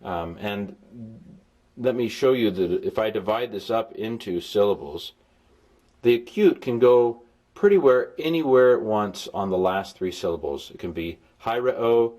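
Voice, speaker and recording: A man with a fairly low voice gives an informal recorded lesson. He explains in a folksy way, repeats examples and sounds out syllables slowly, with playful asides along the way. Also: darkish tone. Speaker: Greek tutor.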